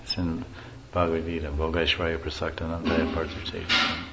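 A man's voice: extremely low pitch, monotone, brisk. A man giving an informal spiritual lecture, telling stories with chuckles and acting out the quotes. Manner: storytelling, chuckling, acts out quotes. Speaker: spiritual teacher. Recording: muffled lo-fi recording with faint hiss.

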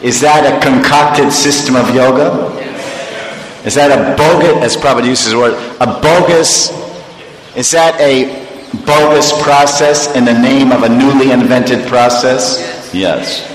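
A man's voice: mid-range voice, slight background noise. An older man giving a sermon as a spiritual teacher, ironic and repetitive, with rhetorical questions. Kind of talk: sermon to an audience. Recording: echoey hall reverb.

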